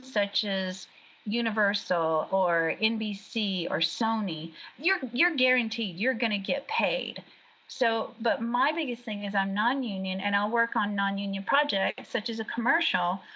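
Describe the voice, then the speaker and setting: A woman being interviewed about her work as a background actor. She chats casually and tells stories with lots of energy and laughter. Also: medium pitch. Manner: chatty, animated storyteller who laughs often. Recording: dull lo-fi sound.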